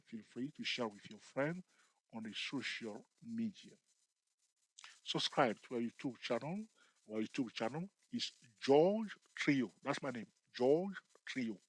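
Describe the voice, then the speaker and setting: A man's voice: medium pitch, lively intonation, unhurried, no room sound, low-quality recording. A man teaching trading over a screen-share chart tutorial, often repeating checks like "you see" and "okay". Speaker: trading educator.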